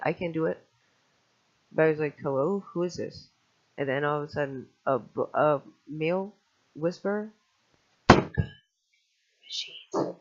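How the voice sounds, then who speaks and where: A man telling a personal testimony in a fast, scattered way, restarting often and swearing casually. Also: fairly high pitch. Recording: dull lo-fi recording.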